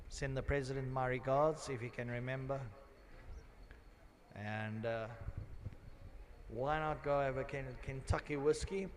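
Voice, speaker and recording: A man doing live trackside commentary at an outdoor race circuit. He rambles and jokes, then switches to loud announcing for the grid. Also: medium pitch, a little hiss or hum.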